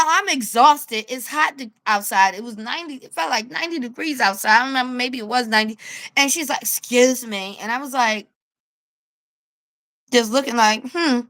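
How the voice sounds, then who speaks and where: A woman with a New York accent ranting to camera as a street vlogger, animated and blunt, laughing as she tells her story. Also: sits high. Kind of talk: casual rant to camera.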